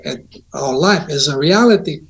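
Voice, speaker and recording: High-voiced man telling earnest stories. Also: vocal fry. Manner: earnest, lively storytelling with pauses and restarts. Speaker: guest. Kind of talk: casual conversation.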